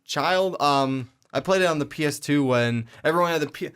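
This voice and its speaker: A man's voice: fairly high pitch, moderate pace, a bit bright, clean tone. A young man co-hosting a casual gaming podcast, laid-back and a little hesitant. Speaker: podcast co-host. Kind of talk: casual chat.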